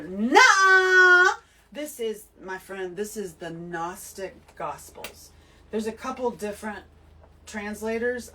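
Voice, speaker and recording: A woman giving an emphatic, animated spiritual talk to her listeners, full of swearing. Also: mid-range voice, far from the mic, low-quality recording. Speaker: host. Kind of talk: spiritual monologue to camera.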